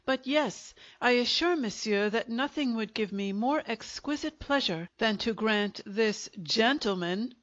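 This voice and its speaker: A woman's voice: a little high, a little slow, few pauses, no room sound, natural voice. A woman voicing a serene, overly polite plump middle-aged male coffin maker, courteous and florid, on a dull lo-fi recording. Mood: polite regret.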